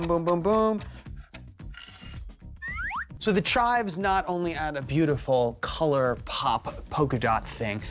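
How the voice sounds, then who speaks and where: Jokey cooking show guy, goofy and dramatic, bit of music behind. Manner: theatrical, jokey, big swings in pitch. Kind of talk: playful cooking demonstration. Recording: light background music.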